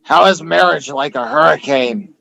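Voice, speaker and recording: Man, podcast co-host, crude joke-teller, gravelly, pitched a bit high. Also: normal speed, bright, forceful tone, dull audio. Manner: reads joke tweets, swears freely. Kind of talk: crude comedic podcast banter.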